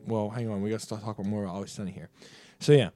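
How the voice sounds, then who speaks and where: A man's voice: on the low side, steady tone, racing, dark tone, faint music behind. A man co-hosting a podcast, chatting casually and joking loosely, with profanity, while reacting to film clips. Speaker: podcast co-host.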